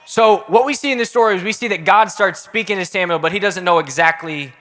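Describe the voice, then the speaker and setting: A young adult man preaching a casual, energetic youth sermon in a church auditorium, talking directly with the crowd. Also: sits high, fast talker. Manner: energetic, casual, audience-engaging. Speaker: youth pastor. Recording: echoey hall.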